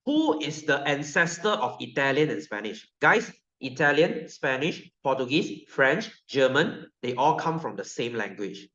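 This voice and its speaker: A man's voice: medium pitch, sing-song, measured pace, few pauses, a bit bright. A male science teacher with a Malaysian English accent giving a classroom lecture, joking and constantly quizzing his students. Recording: roomy, dull sound.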